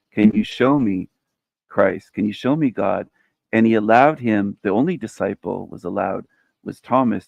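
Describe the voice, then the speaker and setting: A man's voice: fairly low pitch, creaky, a little mellow, dry recording. A man joining a faith conversation as a guest, speaking in a heartfelt, affirming way and retelling a story.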